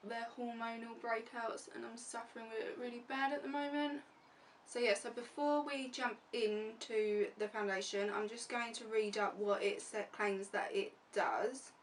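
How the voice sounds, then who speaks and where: A woman beauty vlogger talks casually through a makeup tutorial, narrating each step as she does it. Her voice is fairly high and fairly bright, picked up by a distant mic with faint room noise.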